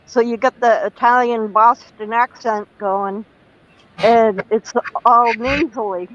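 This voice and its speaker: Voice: medium pitch, steady tone, slow pace, a bit bright, slight background noise. Casual stream host on muffled audio. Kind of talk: casual chat.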